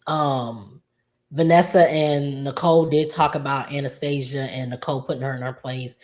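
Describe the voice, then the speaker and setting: A woman's voice: rumbling low, steady tone, normal speed, a little mellow. A woman casually recapping a soap episode in a chatty, loose way, full of ums and likes. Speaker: soap opera recap vlogger.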